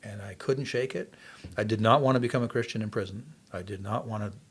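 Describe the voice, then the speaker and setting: A man's voice: on the low side, a little fast, slightly rough. A man in his sixties from Canada, earnestly telling his life story as a podcast guest. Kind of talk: testimony in casual interview.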